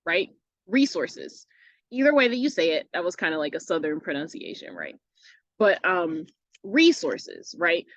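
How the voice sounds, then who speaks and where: A woman's voice: medium pitch, a bit bright, no room sound, poor audio. Woman teacher walking through a lesson, patient, lots of um and right?, dry close mic. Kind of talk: explaining a lesson casually.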